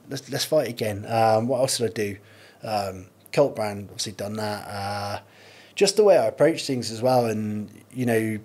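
Husky-voiced man telling stories. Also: lowish voice, a little mellow. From United Kingdom. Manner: candid, storytelling with lots of restarts. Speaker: podcast guest. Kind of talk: casual chat.

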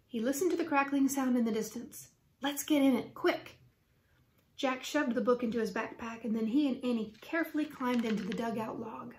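A woman narrates a children's chapter book aloud in a clear, steady storytelling manner. Her voice sits somewhat high and carries a roomy echo. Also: fairly quick, hardly any pauses. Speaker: reader.

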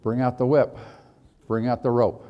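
A man's voice: medium pitch, level tone, normal speed, dull audio. A man leading a leadership training session, telling a parable and asking the audience questions. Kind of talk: workshop talk with a parable.

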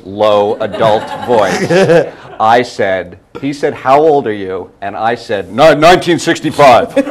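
A man's voice: mid-range voice, background noise. A man from Canada, a game show guest, telling a rambling casual story and laughing at it himself. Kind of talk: casual anecdote.

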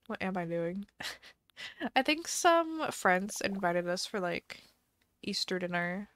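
A woman's voice: medium pitch, a bit bright, no room sound. A woman streamer chatting casually on a live game stream, thinking aloud and musing indecisively as she plays.

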